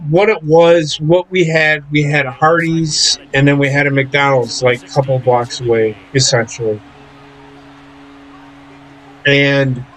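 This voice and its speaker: A man's voice: on the high side, fairly bright tone, low-quality recording. A young man chatting casually while gaming, telling profane stories and laughing often. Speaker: gaming streamer. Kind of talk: casual chat.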